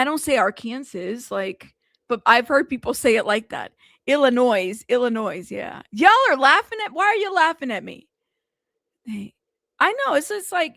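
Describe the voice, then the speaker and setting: A chatty woman hosts a casual news livestream, talking to her chat with plenty of fillers. Her voice is fairly high with a gravelly edge, and it sounds close and dry. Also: fairly bright tone, no room sound. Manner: chatty, talks to live chat, many fillers. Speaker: news show host.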